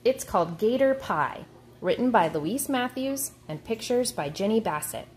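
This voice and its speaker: A woman teacher reading a picture book aloud to her class, in a slow, expressive storytelling way. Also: on the high side, slight background noise.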